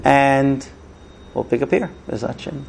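A man's voice: mid-range voice, a little slow, vocal fry, darkish tone, a little hiss or hum. A man teaching a Torah story in a casual storytelling way, chatty with many fillers and check-ins with listeners.

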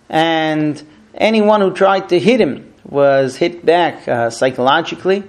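A man teaching a history lesson, retelling the story with frequent filler pauses. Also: sits high.

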